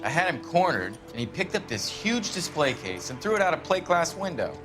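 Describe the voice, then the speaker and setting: A wry veteran cop. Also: male voice, on the high side, big pitch swings, a little fast, music in the background. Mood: recounting.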